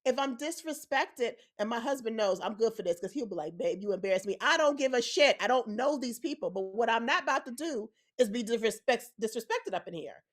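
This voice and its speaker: A woman's voice: a little high, animated, fairly quick, few pauses. A woman co-hosting a podcast, telling a personal story in an earnest, emphatic way. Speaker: podcast co-host. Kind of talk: casual opinionated chat.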